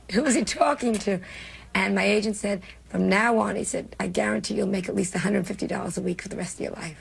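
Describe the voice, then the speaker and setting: An older woman with a New York accent, her voice gravelly and husky. She tells stories about herself in a brash, self-mocking way, with a comic's timing. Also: mid-range voice, fairly even intonation, a little fast. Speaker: comedian. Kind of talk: candid interview storytelling.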